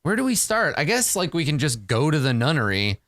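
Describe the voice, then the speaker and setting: A man's voice: fairly high pitch, big pitch swings, fairly quick, fairly bright tone, no room sound, clean studio sound. A man casually narrating a solo tabletop game in a self-mocking way.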